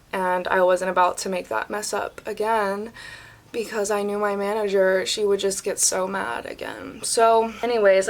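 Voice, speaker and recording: Chatty young woman telling a storytime. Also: medium pitch. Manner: chatty and animated, heavy use of "like". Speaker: vlogger. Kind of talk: casual storytime chat.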